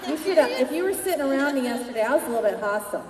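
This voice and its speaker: A woman giving an energetic motivational keynote at a sales convention. She keeps asking the crowd questions, and her voice is worn from shouting. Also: sits high, very fast, a little hiss or hum. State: losing her voice. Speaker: sales conference speaker. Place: large convention hall. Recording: echoey hall, voice from far off.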